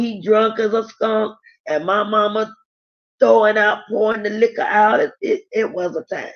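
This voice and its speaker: A middle-aged woman hosting a casual live stream, chatting candidly and reading viewer comments aloud. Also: on the low side. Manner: chatty, candid, rambling with restarts. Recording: dull lo-fi sound.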